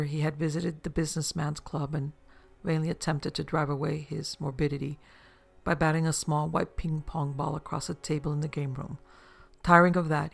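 A man narrating a story as an audiobook in a steady, even storytelling manner. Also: a little high, creaky.

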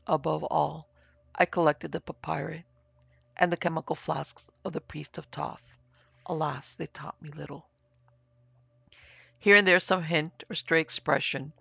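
A man with a heavily gravelly voice narrates a dark tale in a solemn, measured way. He speaks a little high and rather flat, in a dry, dull lo-fi recording. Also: no echo. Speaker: narrator and producer. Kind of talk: dramatic audiobook narration of a classic story.

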